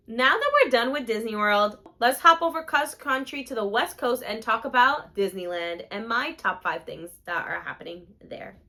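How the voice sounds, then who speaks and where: A woman's voice: a little high, expressive, normal speed, few pauses, pushed and bright. A young woman vlogging about theme parks, gushing and emotional as she talks. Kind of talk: excited theme park vlog chat.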